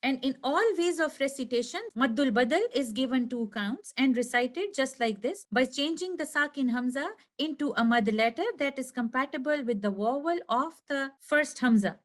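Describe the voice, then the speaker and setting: A woman teaching a recorded lesson over slides, explaining slowly and clearly and stretching out each example word. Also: sits high. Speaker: tajweed teacher.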